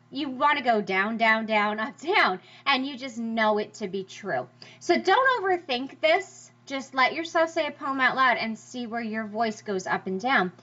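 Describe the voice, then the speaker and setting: Lively, bright-voiced woman teacher. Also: a little high. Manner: lively, emphatic, sing-song stress demonstrations. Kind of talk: classroom lecture over slides. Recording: slightly dull lo-fi recording.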